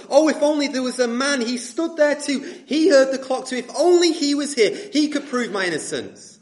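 A man's voice: on the low side, echoey room, pitched below the performer's own voice. A man voicing an accused man pleading his innocence in court, his lines rising and urgent as he begs.

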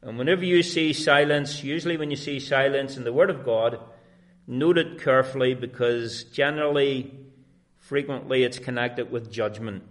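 An earnest male preacher. He delivers a sermon at a middle pitch, stressing key phrases with emphasis. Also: moderate pace, a bit bright.

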